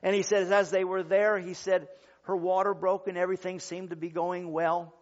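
A male pastor delivers a sermon in an earnest, measured storytelling tone, lingering on pauses. His voice sits a touch high for a man. The recording is dull and lo-fi. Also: flat delivery. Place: church service.

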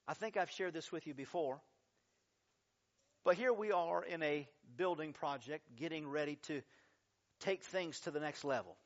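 A man preaching a sermon as pastor, telling stories with lively, dramatic changes of voice when he acts out quotes. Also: highs cut off. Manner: animated storytelling, acting out quotes with big pitch jumps.

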